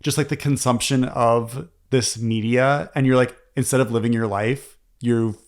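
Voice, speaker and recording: A man's voice: medium pitch, fairly even intonation, normal speed. Chatty man recapping a film. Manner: chatty, recaps scenes with many fillers. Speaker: podcast co-host. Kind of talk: casual film discussion.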